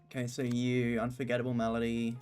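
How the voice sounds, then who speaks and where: A man streaming a video game, chatting casually and reading the game's lines aloud in a relaxed way. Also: mid-range voice, fairly quick, clear, resonant tone. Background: faint game music.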